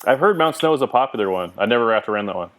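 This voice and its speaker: A man's voice: medium pitch, lively intonation, racing, a bit bright. A man hosting a casual call-in podcast chat, asking lots of curious questions. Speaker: podcast host.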